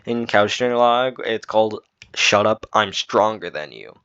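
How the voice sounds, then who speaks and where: A man's voice: fairly low pitch, lively intonation, moderate pace, a bit bright, clear, resonant tone, no room sound. A man giving casual commentary on his own video, rambling with lots of fillers and restarts. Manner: rambling, filler-heavy explaining. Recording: dull dry lo-fi mic.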